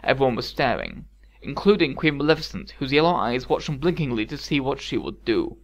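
A man narrating a fairy-tale story calmly with wry asides. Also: mid-range voice, fairly quick. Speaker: audiobook narrator. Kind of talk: scripted narration.

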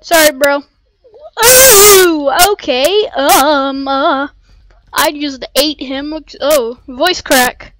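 Bright high-pitched gamer girl. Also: takes it slowly, a little hiss or hum. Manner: excitable, rambling, playful slang. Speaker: gameplay streamer. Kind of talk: casual gameplay commentary. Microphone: cheap desk mic.

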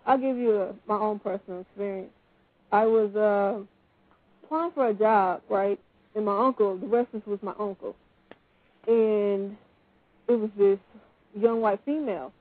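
A woman calling into a talk show, telling a personal story in an animated, indignant way. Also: mid-range voice, normal speed, pauses often, no echo. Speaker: caller. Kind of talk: call-in talk. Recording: tinny phone line.

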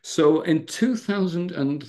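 A middle-aged man, a pastor, tells stories on a video call in a lively way, laughing often and acting out the people he talks about. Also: on the high side, slow pace. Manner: lively storyteller who laughs and acts out the people in his stories. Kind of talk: storytelling talk on a video call.

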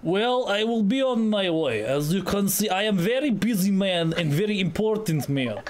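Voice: mid-range voice, expressive, moderate pace, a little mellow, slight background noise, close to an everyday voice. Pompous Russian-accented space director, self-important and grand, as a gamer puts him on. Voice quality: mock-grand, dropped articles.

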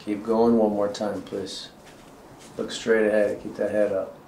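A man's voice: fairly low pitch, flat delivery, measured pace, gravelly, mellow, roomy sound, a little hiss or hum, rough recording. A man working as a chiropractor, explaining x-rays and exam findings to a patient in a casual, joking way. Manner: casual, joking, talks as he shows. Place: clinic exam room.

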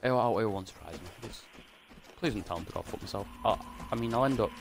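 A man's voice: lowish voice, fast talker, creaky. A man doing casual, rambling gameplay commentary, jokey and full of swearing. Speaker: gaming YouTuber. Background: game music.

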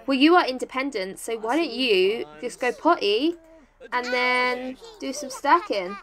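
An English woman chatting excitedly as she plays a life-sim game, cheering on and coaxing her characters. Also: high-pitched, unhurried. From England. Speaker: gaming YouTuber. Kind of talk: casual let's-play commentary. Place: home, top-floor flat.

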